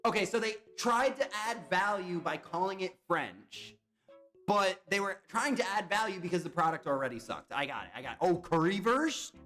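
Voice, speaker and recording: A young man hosts a casual live stream, talking straight to his viewers and answering their comments. His voice sits a little high and swings a lot. Quiet music runs in the background. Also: moderate pace. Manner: animated, chatty, reads and answers chat.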